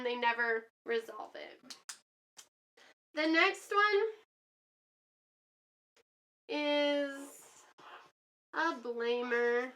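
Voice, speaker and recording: A woman's voice: sits high, sharp tone. A woman teaching a lesson in a chatty way, acting out examples with many fillers. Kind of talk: classroom lesson.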